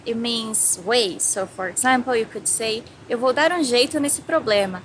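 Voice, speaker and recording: A woman's voice: a little high, fairly bright tone. Cheerful Brazilian woman teaching vocabulary. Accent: Brazilian Portuguese. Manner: cheerful, repeats each word slowly. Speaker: language teacher. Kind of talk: bilingual vocabulary lesson. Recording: echoey room with faint noise.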